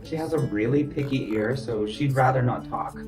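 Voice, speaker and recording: A male therapist explaining ideas to a client in an emphatic, repetitive way, sometimes chanting rhythms out loud. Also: medium pitch, normal speed, music in the background, low-quality recording.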